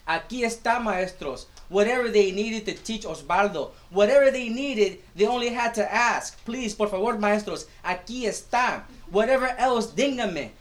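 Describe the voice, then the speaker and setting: A man with a notably high speaking voice reads his own prose aloud at a live event. He tells it expressively and slips Spanish phrases into the narration. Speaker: teacher. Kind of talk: live literary reading.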